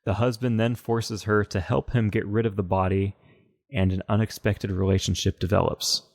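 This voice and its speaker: A man co-hosting a casual podcast chat, relaxed and dry, pausing often with hesitations. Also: lowish voice, creaky, no room sound. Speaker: podcast co-host.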